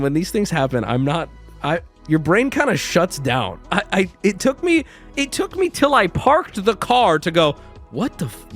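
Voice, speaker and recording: A man hosting a live stream, telling a story to his chat in a casual, exasperated, animated way with frequent restarts. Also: a little high. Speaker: streamer and host.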